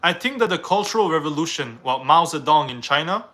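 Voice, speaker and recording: A man's voice: fairly high pitch, animated, a little fast, sharp tone. A young man from Canada, reading viewers' questions aloud on a live stream and answering them in a casual, rambling way.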